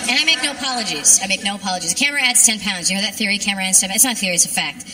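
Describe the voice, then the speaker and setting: A woman's voice: mid-range voice, very fast, recorded from a distance, a loud crowd. Wry young woman doing stand-up. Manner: wry, sardonic, rambling asides. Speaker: stand-up comedian. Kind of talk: stand-up comedy set. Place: comedy club stage before a live audience.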